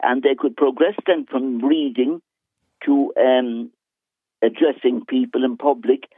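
A man's voice: mid-range voice, fairly even intonation, measured pace, no room sound. Earnest Cork man on a tinny phone line. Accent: Cork Irish. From Cork, Ireland. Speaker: caller. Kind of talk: radio phone-in chat.

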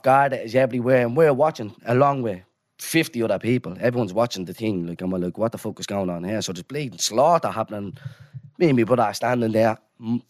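Fast-talking Irish podcast host. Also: male voice, medium pitch, dry recording, studio quality. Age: young adult. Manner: animated, swearing, quotes people in lively voices. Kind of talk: casual storytelling.

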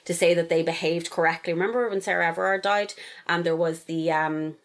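A woman's voice: fairly low pitch, fairly even intonation, a little fast. A young Irish woman co-hosting a podcast, ranting animatedly with plenty of swearing and laughter. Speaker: podcast co-host. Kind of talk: casual chat.

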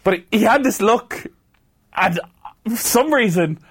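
A man's voice: sits high, lively intonation, slow, fairly bright tone, slightly rough. A man co-hosting a podcast, telling a story in casual chat and laughing often. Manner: laughs a lot while telling stories. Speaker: podcast co-host.

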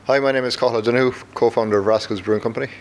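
A man with a Cork accent, co-founder of a brewery, speaking in a friendly, brisk way in a casual interview. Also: mid-range voice, steady tone, a little hiss or hum.

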